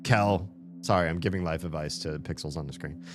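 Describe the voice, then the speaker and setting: A man's voice: deep voice, a little fast, music in the background. A man streaming a story game, chatting casually and playfully as he comments and often laughs.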